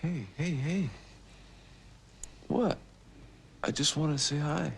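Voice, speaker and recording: An actor playing a volatile, clingy young man who swings between soft pleading and sudden outbursts in a film drama. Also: on the high side, slow, vocal fry, noisy background.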